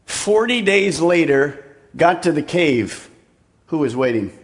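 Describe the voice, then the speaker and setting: A man preaching a sermon, swinging from loud, raised emphasis down to a hushed near-whisper and repeating words as he drives points home. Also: on the high side, very animated, slow. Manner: repeats words and restarts mid-phrase. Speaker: pastor.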